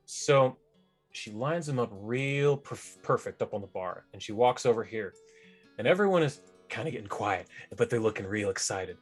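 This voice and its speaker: A man's voice: lowish voice, lively intonation, moderate pace. Chatty male game master with faint music. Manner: chatty, self-correcting, descriptive. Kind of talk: narrating a tabletop game.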